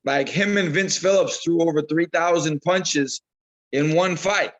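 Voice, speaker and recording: Man, boxing trainer, slightly high voice, chatty storyteller who repeats himself. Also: a little slow, lo-fi sound. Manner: animated storyteller, repeats himself, acts out quotes. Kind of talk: casual interview talk.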